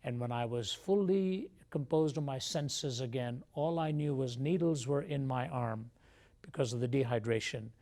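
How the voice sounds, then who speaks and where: A man from India, a guest on a TV interview show, telling his life story in a measured, earnest way. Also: mid-range voice, a little mellow.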